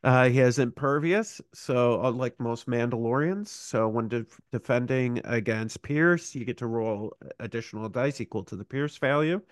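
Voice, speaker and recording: A man's voice: mid-range voice, normal speed, hardly any pauses, dry recording. Man, podcast co-host, casual chat, rambling, lots of filler words, dry close sound.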